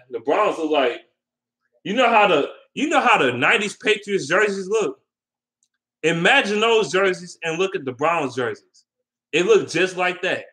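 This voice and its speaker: Here a man with a slightly high, fairly bright voice delivers a casual sports rant on his vlog. He's heated and profane, restates his points repeatedly, and takes questions from the audience.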